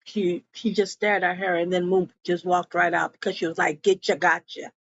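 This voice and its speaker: A woman recapping a TV episode in casual chat, slipping into quick voices for the characters' lines. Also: lowish voice, steady tone, lo-fi sound. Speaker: show recap vlogger.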